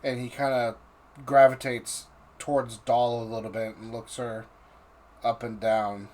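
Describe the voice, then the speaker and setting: A man narrating a tabletop game as game master, pausing and restarting often. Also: mid-range voice, little pitch movement, darkish tone. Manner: halting, with restarts and fillers. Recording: faint background noise.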